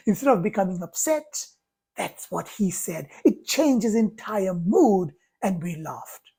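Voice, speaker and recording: A woman giving a motivational talk, speaking in deliberate, emphatic, drawn-out phrases. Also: mid-range voice, sing-song, a little mellow, slightly rough.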